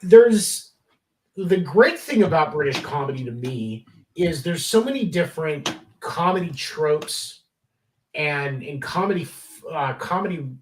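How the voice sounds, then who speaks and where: Male co-host, casual rambling chat, higher pitch, distant mic, roomy echo. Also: slight background noise. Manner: rambling, many restarts, enthusiastic about comedy. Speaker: podcast co-host.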